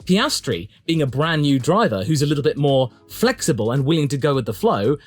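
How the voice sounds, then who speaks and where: Animated man giving chatty commentary. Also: brisk, faint music behind. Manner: chatty, emphatic, swings pitch for emphasis. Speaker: motorsport YouTube commentator. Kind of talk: opinionated solo commentary.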